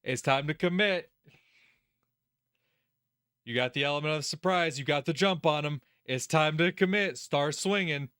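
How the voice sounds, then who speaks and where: A man hosting a let's play, giving casual gaming commentary in an animated, profane way, laughing often and talking straight to the character. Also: a little high, normal speed, hardly any pauses, clean tone, no echo, clean studio sound.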